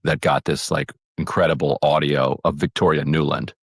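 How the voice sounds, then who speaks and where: A man's voice: rumbling low, little pitch movement, normal speed, vocal fry, slightly rough, no echo, clean studio sound. A man co-hosting a podcast, chatting casually about politics with many restarts, played as a clip. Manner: rambling, many restarts, quotes others in paraphrase. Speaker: podcast co-host.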